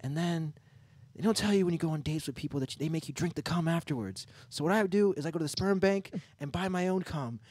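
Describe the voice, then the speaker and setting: Awkward deadpan woman comic, as a man puts her on, higher voice, blunt and odd. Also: fast, breathy edge, dry recording.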